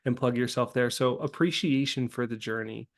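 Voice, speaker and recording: A man's voice: mid-range voice, moderate pace. A man hosting a podcast interview, graciously thanking his guest and framing long questions. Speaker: podcast host.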